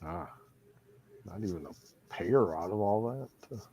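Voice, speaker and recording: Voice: low-pitched, animated, slow pace, darkish tone, husky, no room sound. Easygoing player in a dry, close sound. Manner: easygoing, laughs often. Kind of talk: casual chat while playing an online dice game.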